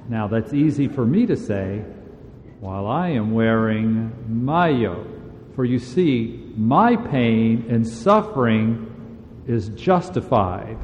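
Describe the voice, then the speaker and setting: A man's voice: mid-range voice, expressive, slow pace, slight background noise. A man preaching a sermon as a pastor, in a conversational, emphatic way. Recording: dull sound in a large reverberant hall.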